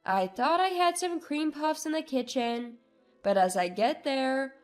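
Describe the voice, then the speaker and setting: A woman narrating a first-person family story in a measured, subdued way. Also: sits high, expressive. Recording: narration with soft background music.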